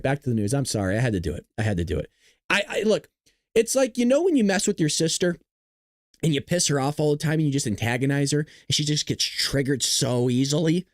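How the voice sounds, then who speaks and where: A man hosting a live-streamed political news show, excitable and joking, arguing straight back at his chat. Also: medium pitch, fast talker, no room sound, clean studio sound. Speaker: livestream news host.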